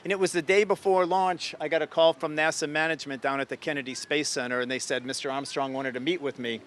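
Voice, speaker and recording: Older man from Ohio with a slightly raised pitch, eager interview storyteller. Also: steady tone, fast, fairly bright tone, a little hiss or hum. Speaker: guest astronaut.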